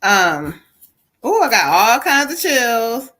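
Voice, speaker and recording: Lady psychic doing a live reading, chatty, bright clear voice. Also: fairly high pitch, slow. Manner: animated, talks to spirit and viewers. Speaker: psychic reader. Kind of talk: live stream card reading.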